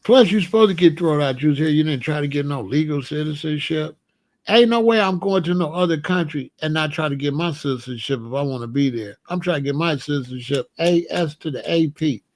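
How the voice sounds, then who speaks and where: Man, from Chicago, fairly high voice, casual monologue, slangy, repeats himself, laughs a lot. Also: brisk, no echo. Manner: loose slangy talk, laughs often, repeats his points. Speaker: commentary channel host.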